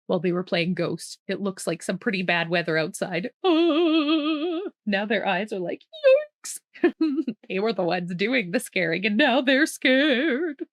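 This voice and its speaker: A woman's voice: mid-range voice, sing-song, slow, dry recording. A woman who grew up speaking reads a children's picture book aloud, with playful asides and frequent laughter. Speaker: children's storytime host.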